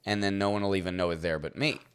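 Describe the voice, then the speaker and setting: A man's voice: low voice, steady tone, fast, clear, resonant tone. A man casually chatting with viewers while playing a game, playful and rambling, chuckling often and talking to his chat. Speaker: streamer.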